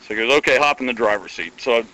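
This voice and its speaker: A man's voice: medium pitch, fast talker, low-quality recording. Folksy man telling a wild story. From Iowa. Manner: folksy, animated storytelling with quoted dialogue. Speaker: guest storyteller. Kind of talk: casual anecdote telling.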